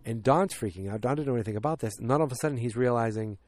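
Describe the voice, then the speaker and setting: A man's voice: mid-range voice, racing, a little mellow. A man casually recapping a TV episode, rambling with many fillers and restarts, and speeding up at the tense parts. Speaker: TV show recapper.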